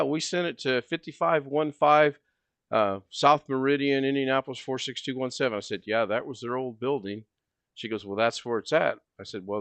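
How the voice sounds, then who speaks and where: A man hosting a livestream, telling a long story in a casual, animated way and acting out both sides of the conversation. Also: mid-range voice, no room sound. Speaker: livestream host.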